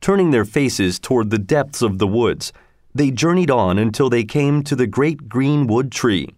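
A man reads a storybook aloud in a steady, measured way, his voice of middling pitch. The sound is close and dry, with no room echo. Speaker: narrator. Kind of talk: storybook narration.

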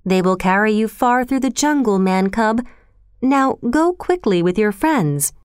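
A woman voicing a huge male python in a storybook reading, with a slow, hissing, commanding delivery. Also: mid-range voice, lively intonation, a little mellow, clear, resonant tone, dry recording, studio quality, lightly acted.

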